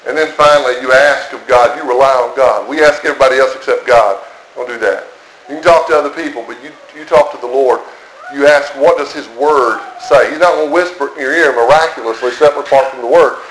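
A man's voice: mid-range voice, brisk, fairly bright tone. A man preaching a sermon in an earnest, emphatic way, often repeating his key phrases. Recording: echoey room with faint noise.

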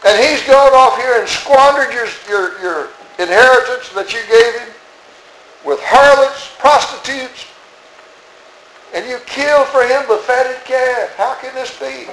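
Preacher doing a resentful older brother: whiny, raised pitch, roomy sound. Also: male voice, a bit bright, a little hiss or hum, heavily acted. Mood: indignant. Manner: indignant, complaining, drawn-out. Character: resentful, self-righteous elder brother, young man. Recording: roomy echo.

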